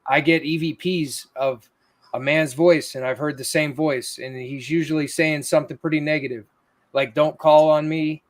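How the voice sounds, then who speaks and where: Casting note: male ghost hunter, higher-pitched, earnest, explanatory. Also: fairly even intonation, moderate pace. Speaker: paranormal investigator. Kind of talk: casual chat.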